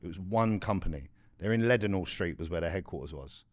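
A man's voice: sits low, animated, fast, no echo, clean studio sound. A young man co-hosting a podcast in casual chat, blunt and slangy, explaining things at length. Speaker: podcast co-host.

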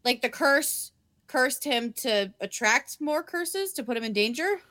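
A woman co-hosting a casual chat, animated and swearing freely, poking fun at herself. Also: sits high, measured pace. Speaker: podcast co-host.

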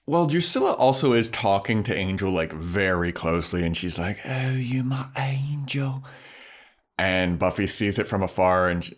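A man's voice: low-pitched, moderate pace, hardly any pauses. A man co-hosting a podcast, chatting casually about a TV episode, laughing often and acting out characters in silly voices. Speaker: podcast co-host. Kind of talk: casual chat recapping a TV episode.

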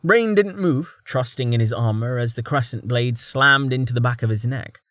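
A man narrating a fantasy audiobook in an expressive reading style. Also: medium pitch, normal speed, dry recording.

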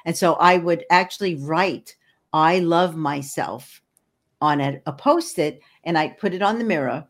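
A woman's voice: fairly low pitch, animated, moderate pace. A woman speaking as a podcast guest, an energy healer and hypnotherapist, talking earnestly and encouragingly with frequent restarts. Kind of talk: podcast interview conversation.

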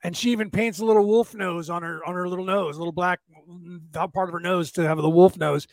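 A man's voice: sits high, fairly even intonation, fast, creaky, dry recording. A man hosting a podcast, telling stories in a rambling casual way and checking in with "right?" a lot. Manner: rambling storyteller, keeps adding "right?". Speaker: podcast host. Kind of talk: casual chat. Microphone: camera.

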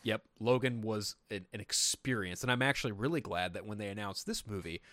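A man's voice: on the low side, brisk, dry recording. A man co-hosting a casual podcast, telling stories with lots of swearing and acted-out quotes. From Sacramento, California. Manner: animated, profane storytelling with lots of voiced quotes. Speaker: podcast co-host. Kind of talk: casual chat.

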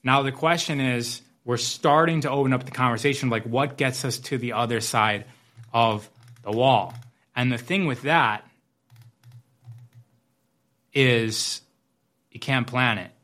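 A man's voice: medium pitch, measured pace, long pauses, fairly bright tone. A man speaking as a business coach in a motivational talk, reflective and fond of metaphors, often repeating phrases.

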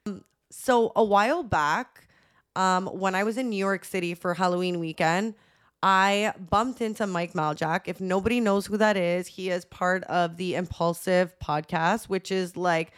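A woman's voice: fairly low pitch, measured pace, smooth. A young woman in her twenties co-hosting a podcast, telling travel stories in casual chat, leaning on "like" and acting out what people said. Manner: chatty storytelling, heavy use of "like", acts out quotes. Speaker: podcast co-host.

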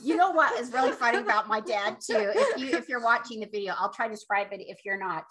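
A woman co-hosting a podcast, telling family stories in a casual chat, lively and quick to laugh and prompt her sister. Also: on the high side, crowd noise. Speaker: podcast co-host.

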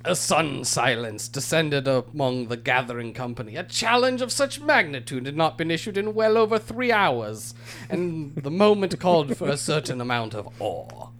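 A man reading a comic, over-formal letter aloud as a podcast host. His voice sits a touch high, and he draws out the grand phrasing. Faint noise hums under the recording. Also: animated, moderate pace, fairly bright tone. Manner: pompous, theatrical narration, breaking into laughs.

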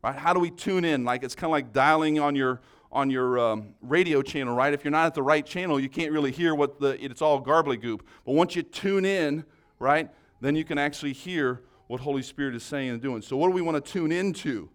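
A man giving a conversational church teaching, earnest and encouraging, rising loud then dropping soft. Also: fairly high pitch, fairly quick, smooth.

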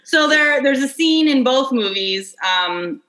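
A woman in her thirties co-hosting a casual chat, blunt and chatty and quick to swear. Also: high-pitched, animated, pushed and bright, poor audio. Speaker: podcast co-host.

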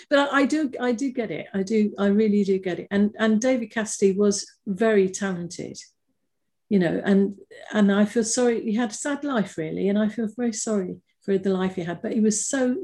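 An older woman talks as an interview guest, spinning fond stories in an easy, rambling way. She restarts her sentences often and breaks into laughter as she recalls things. Her voice sits at an ordinary middle pitch for a woman. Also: moderate pace. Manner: chatty, warm-hearted anecdotes with frequent restarts and laughter. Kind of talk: casual conversational storytelling.

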